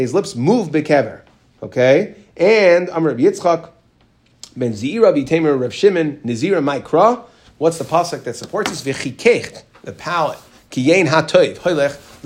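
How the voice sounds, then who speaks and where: Animated man teaching a Talmud lesson. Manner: reads Aramaic text then explains in English, animated rises in pitch. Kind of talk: Gemara lesson, reading and explaining.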